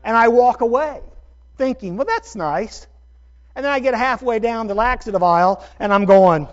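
A middle-aged man, a pastor, telling a story in a sermon with animated, self-deprecating bursts of energy. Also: very high voice, moderate pace. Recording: dull lo-fi sermon recording.

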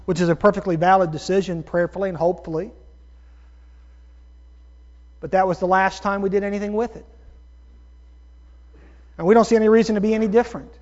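High-voiced preaching man, emphatic. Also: a little mellow, dull audio. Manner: emphatic preaching with slow drawn-out stresses; addresses listeners as folks. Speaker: pastor. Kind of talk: sermon.

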